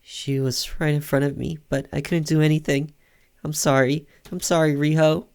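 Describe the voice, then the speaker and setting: A man voicing a guilt-stricken teenage schoolgirl in a game, his voice pushed high and close to breaking. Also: flat delivery, normal speed, vocal fry, a little mellow, smooth. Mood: tearful. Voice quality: high strained pitch, voice near breaking. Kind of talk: game dialogue read aloud.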